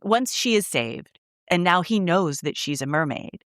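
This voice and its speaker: A woman co-hosting a podcast, chatting casually about an old movie and retelling the plot with animated quotes. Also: fairly low pitch, measured pace, no room sound, studio quality. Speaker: podcast co-host. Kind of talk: casual movie rewatch chat.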